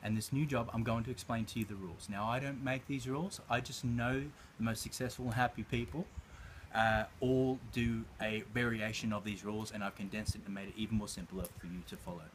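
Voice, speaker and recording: A man's voice: fairly low pitch, fairly even intonation, fairly quick, slight background noise. A man coaching, telling a story and speaking directly to listeners in an emphatic way. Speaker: life coach. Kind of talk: motivational coaching talk.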